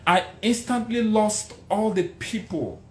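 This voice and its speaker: A man's voice: high voice, slow. A middle-aged man giving a passionate motivational speech, hammering points home by repeating them. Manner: passionate, emphatic, repeats phrases for effect. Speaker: motivational speaker. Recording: roomy echo, faint background noise.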